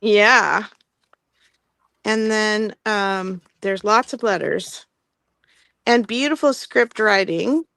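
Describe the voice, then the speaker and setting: A woman's voice: medium pitch, takes it slowly, vocal fry, long pauses, fairly bright tone, no room sound. A woman hosting a live online sale, chatting casually about vintage items and laughing often between filler words.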